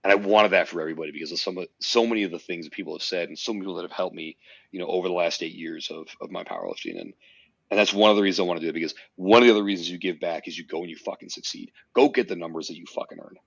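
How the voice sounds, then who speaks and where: A man with a very low voice speaks as a podcast guest, emphatic and swearing freely as he tells his story. The sound is dry and a bit muffled, with no room around it. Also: expressive, racing, creaky, dry recording. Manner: emphatic, swears often, tells stories intensely. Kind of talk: casual podcast conversation.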